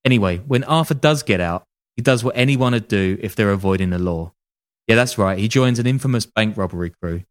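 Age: adult. Sex: man. Style: wry casual true-crime storytelling. Pitch: lowish. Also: fairly quick. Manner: wry, joking asides, swears casually. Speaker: podcast host.

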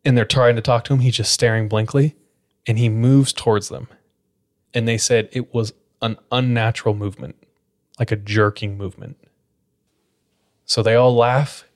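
A male podcast host with a medium-pitched voice speaks at a moderate pace, pausing for long stretches. He retells a spooky account in a relaxed, casual manner, peppering it with "like."

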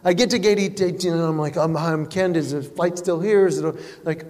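Stand-up comic, high voice, lively storyteller who acts out other people's lines, live hall sound. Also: male voice, fairly quick. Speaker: comedian. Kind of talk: stand-up comedy.

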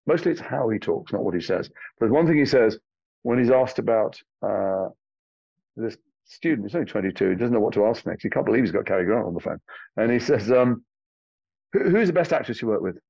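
A man's voice: fairly low pitch, brisk, creaky, warm tone, no room sound, muffled recording. A man from England, an actor, telling stories animatedly in an interview, swearing casually. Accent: Liverpool and London English. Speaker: actor guest. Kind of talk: interview conversation.

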